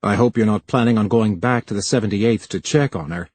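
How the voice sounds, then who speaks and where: A man voicing a young male time official who answers in sharp, bitter retorts, with a husky voice. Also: lowish voice, a little fast, dry recording, natural voice. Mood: stern.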